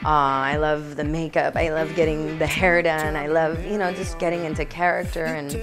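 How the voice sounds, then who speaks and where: A woman's voice: low voice, level tone, normal speed. A young adult woman, an actress, chatting in an interview in a bubbly, playful way with frequent laughs. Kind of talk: casual interview answers. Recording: music playing behind.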